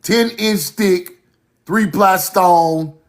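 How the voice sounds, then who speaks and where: Slow, emphatic man lecturing over slides. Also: high-pitched. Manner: emphatic, repeats points, directs slides.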